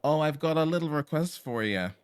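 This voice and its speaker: A man's voice: fairly high pitch, animated, a little fast, a little hiss or hum, pitched above the performer's own voice, lightly acted. A man voicing a cheerful young male fisherman villager in a put-on vague rural British accent, folksy and welcoming. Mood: chirpy welcoming.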